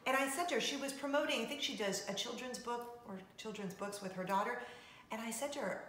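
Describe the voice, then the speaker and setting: A woman's voice: on the high side, a little fast, fairly bright tone. A woman hosting her own video show in a casual, upbeat chat to camera, laughing often, recorded in her home kitchen. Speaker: vlog host, former radio host. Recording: roomy echo.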